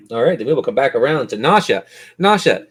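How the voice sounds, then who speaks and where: Man, mid-pitched game master, easygoing narration of a tabletop game. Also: very animated, a little fast, breathy edge. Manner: easygoing, explains rules aloud.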